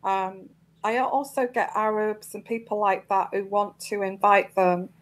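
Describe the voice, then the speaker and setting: A woman's voice: mid-range voice, fairly even intonation, measured pace, rough recording. A woman hosting her own live tarot show, talking to viewers with many ums and restarts. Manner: hesitant, full of ums and restarts, indignant at trolls. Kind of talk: live-stream chat to viewers.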